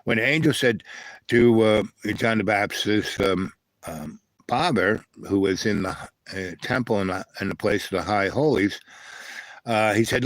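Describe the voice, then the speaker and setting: A man's voice: fairly low pitch, normal speed, fairly bright tone, no echo, low-quality recording. A man hosting a rambling spiritual monologue, meandering with many fillers and tag questions. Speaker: channel host.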